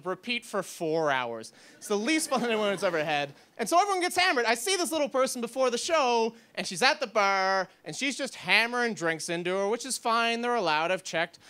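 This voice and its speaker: Man, young adult, stand-up comedian, bright tone, self-deprecating rambling, handheld mic on a club stage. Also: sits high, clean tone. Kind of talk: stand-up routine.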